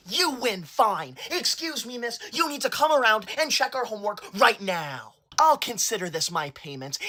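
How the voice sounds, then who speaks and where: A woman's voice: medium pitch, fairly bright tone, breathy edge, exaggerated voice. A woman playing a self-righteous, tattling know-it-all schoolgirl in a comedy skit. She talks in a whiny, overdramatic way. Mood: snooty.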